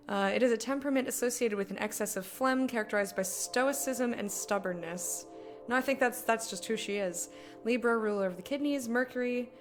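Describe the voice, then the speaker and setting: A woman streaming live, joking about a game and reading its text aloud in a chatty, playful way. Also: mid-range voice.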